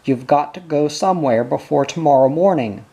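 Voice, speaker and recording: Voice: medium pitch, normal speed, vocal fry, dark tone, lo-fi sound, close to an everyday voice. A reader voicing an earnest, worried boy. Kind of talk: audiobook character reading.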